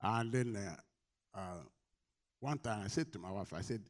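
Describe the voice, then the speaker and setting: Preaching to his flock, this middle-aged man leads call-and-response and alternates between hushed, low remarks and booming exhortations. His delivery is expressive and measured, marked by long pauses.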